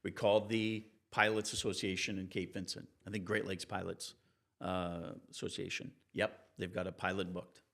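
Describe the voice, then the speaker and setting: A man, a TV reporter and interview guest, telling anecdotes in a relaxed, animated way and acting out the people he quotes. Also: normal speed, vocal fry. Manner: animated, acts out quoted people with raised pitch. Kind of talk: conversational storytelling in an interview.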